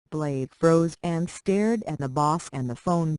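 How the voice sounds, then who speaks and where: A text-to-speech voice narrating a short story with a flat, synthetic delivery. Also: mid-range voice, slow.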